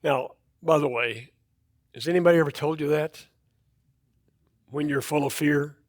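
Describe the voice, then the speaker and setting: In a church auditorium, a man preaches a sermon in a loose, conversational way, often repeating and restarting words. His voice is a little high and moves at a normal speed, captured in clean studio sound with no room echo.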